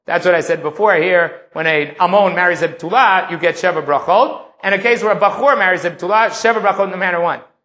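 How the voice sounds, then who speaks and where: A man lectures on Talmud in a high, ringing voice. He reads each Aramaic line, then works through its meaning in English, step by step. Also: fast, hardly any pauses, sharp tone. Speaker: Talmud teacher.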